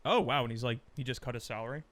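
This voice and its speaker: Man, podcast co-host, casual chat, animated, laughs a lot, mid-pitched voice. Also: very fast.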